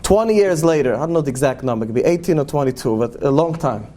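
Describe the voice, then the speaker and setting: A man with a fairly high voice tells stories to a gathering, speaking with a lilt. He is earnest and stretches out his key words for weight. A faint hiss of noise sits under his voice. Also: animated, warm tone. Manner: earnest, slows and lingers on key words for emphasis. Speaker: rabbi. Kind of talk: storytelling talk to an audience.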